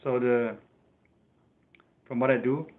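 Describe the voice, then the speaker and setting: A man's voice: medium pitch, steady tone, slow. A man from Germany with a German accent, chatting casually and rambling on a livestream, often laughing and reading out chat comments. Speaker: livestream host. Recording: tinny phone-like sound.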